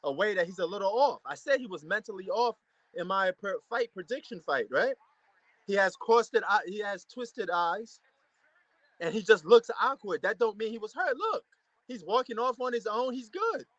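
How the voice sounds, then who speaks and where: A man giving a casual, excitable reaction commentary to a boxing match, repeating himself and using slang. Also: high voice, moderate pace, no echo, highs cut off. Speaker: fight reaction host.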